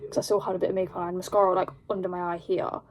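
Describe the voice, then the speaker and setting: A young woman with an English accent telling a rambling, animated story at home while doing her makeup, full of "like". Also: fairly low pitch, racing, lo-fi sound, very noisy. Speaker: vlogger. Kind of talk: casual storytime chat.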